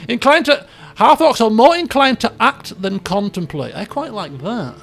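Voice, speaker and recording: A man's voice: high-pitched, big pitch swings, normal speed, vocal fry, few pauses, a bit bright, faint music behind. A young adult man streaming a game, chatting and musing aloud in a jokey, casual way.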